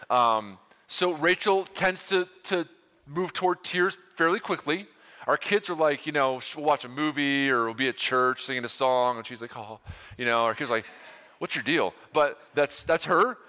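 A man's voice: a little high, pushed and bright. A middle-aged male pastor preaching in a casual, earnest way, with many restarts and asides. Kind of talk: conversational sermon to a live room. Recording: long hall reverb.

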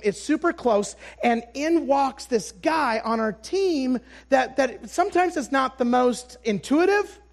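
A male traveling preacher giving a sermon with personal stories, speaking in an animated, self-deprecating way and often restarting his sentences. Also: extremely high pitch.

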